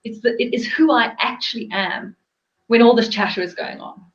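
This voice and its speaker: A woman's voice: on the high side, moderate pace. Earnest woman coach, lo-fi audio. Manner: earnest, explanatory, repeats phrases for emphasis. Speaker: host and life coach. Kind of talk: reflective interview talk.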